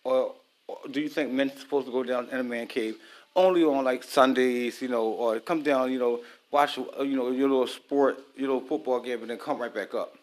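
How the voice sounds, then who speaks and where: A man's voice: mid-range voice, steady tone, fairly quick, darkish tone. Married man, loose profane cooking-vlog chat aimed at the camera. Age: adult, married. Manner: loose, profane, talks straight to viewers. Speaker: vlogger. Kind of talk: casual chat while cooking.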